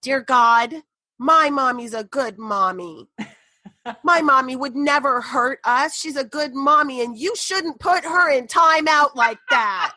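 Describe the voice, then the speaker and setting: A woman's voice: high-pitched, measured pace, sharp tone, dry recording, voice pushed up. A woman doing a small girl's pleading prayer. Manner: pleading, sing-song child's prayer. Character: little girl praying earnestly for her mother.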